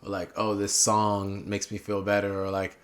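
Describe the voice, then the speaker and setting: A young man chatting as a podcast guest, animated and rambling, often drifting off on tangents. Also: fairly low pitch, normal speed. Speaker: podcast guest, political candidate. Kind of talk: casual interview chat.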